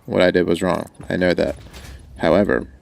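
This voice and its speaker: There's a deep, gravelly steadiness to this young streamer's voice, moderately paced and colored by a mild rural American twang. While gaming, he chats casually with viewers at his desk mic, rambling, joking, and trailing off often.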